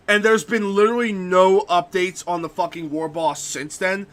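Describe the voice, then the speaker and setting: A man's voice: a little high, moderate pace, hardly any pauses, fairly bright tone. A young man streaming a game and chatting casually, ranting and swearing freely about books he has read. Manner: profane, ranting. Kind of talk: casual gaming stream chat.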